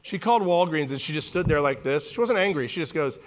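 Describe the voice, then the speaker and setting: A man in his forties speaks from a conference stage in an animated, joking keynote style. His voice sits a bit high for a man, and he slips into little character voices whenever he quotes someone. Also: quick pace. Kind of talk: humorous keynote storytelling.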